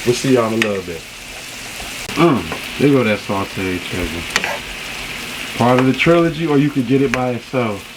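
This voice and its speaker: Male food reviewer, folksy casual chatter, mid pitch, in a kitchen over loud sizzling pans. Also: normal speed, pauses often, very noisy. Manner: folksy, chatty, fond of "you know". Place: home kitchen beside the stove. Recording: loud frying sizzle behind.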